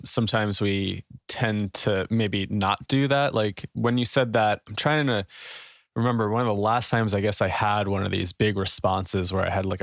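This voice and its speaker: A man hosting a podcast, talking in a relaxed, rambling way with many fillers. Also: fairly low pitch, gravelly, no room sound, clean studio sound. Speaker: podcast host. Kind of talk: interview conversation.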